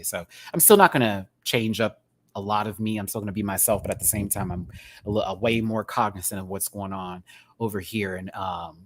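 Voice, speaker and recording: A man hosting a casual live-stream rant, chatty and rambling, with sudden bursts of high laughter. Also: brisk, dry recording. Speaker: YouTube commentary host.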